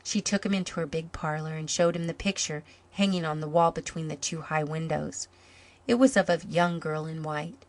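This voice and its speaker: A woman narrating a storybook in an even, measured way. Her voice sits on the low side and stays calm throughout. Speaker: story reader.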